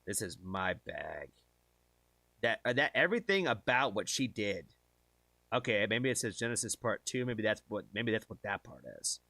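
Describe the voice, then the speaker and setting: A man's voice: medium pitch, lively intonation, normal speed, pushed and bright, dry recording. A man hosting a music reaction video, talking casually and enthusiastically in loose, rambling sentences. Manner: rambling, enthusiastic, stacks of "like" fillers.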